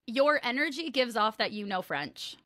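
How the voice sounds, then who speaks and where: A woman's voice: fairly high pitch, expressive, normal speed, a bit bright. A woman hosting a podcast, chatting casually with a friend, telling stories and laughing often. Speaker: podcast host.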